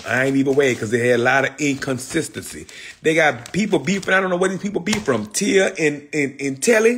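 A man hosts a livestream in loose, repetitive street slang, calling out viewers by name. His pitch sits in a middling range. A faint hiss runs under the recording. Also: fairly bright tone. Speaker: livestream host. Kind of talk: casual livestream chat.

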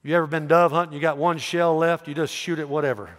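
A male pastor preaching a sermon, telling a story with animated voices and calling out questions to the congregation. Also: fairly high pitch, fast. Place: church. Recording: echoey church hall reverb.

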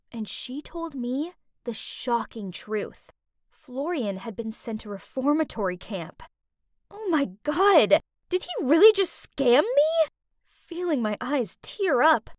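A woman giving scripted first-person narration of an animated story, in an expressive, dramatic way. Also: sits high, no echo, studio quality.

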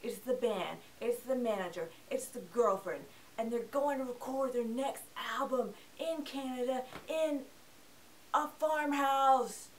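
Young female film-review host, sarcastic and chatty, slightly high voice, recorded a little off-mic. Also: moderate pace, few pauses, darkish tone, slight background noise. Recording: voice a bit distant from the mic.

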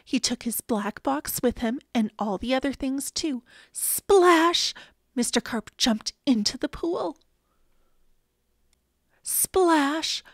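A woman reading a children's picture book aloud in an expressive way. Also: on the high side, dry recording, clean studio sound. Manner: expressive, slow and lively. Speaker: storybook reader.

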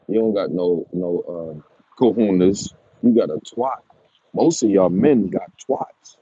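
A man's voice: on the low side, warm tone, slightly rough. A man who breeds dogs, ranting at his viewers in a taunting, repetitive, mocking way with chuckles. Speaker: dog breeder. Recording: dull lo-fi recording.

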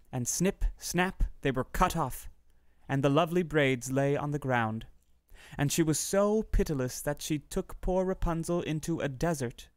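A man reads a fairy tale aloud in a steady, measured way. His voice sits a bit high for a man. The recording is close and dry, with no room sound. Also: no room sound. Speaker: narrator. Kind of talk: storybook reading.

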